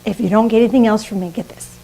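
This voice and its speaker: An older woman preaching a sermon in a lively, conversational way, often laughing at herself. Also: mid-range voice, fast, creaky, slightly rough, low-quality recording. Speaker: minister.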